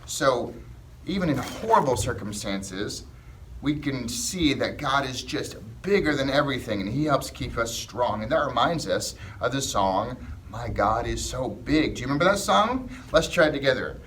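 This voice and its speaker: A man leading a children's church lesson, singing slowly and gently along with the kids. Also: mid-range voice, lively intonation, a little hiss or hum. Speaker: children's ministry leader.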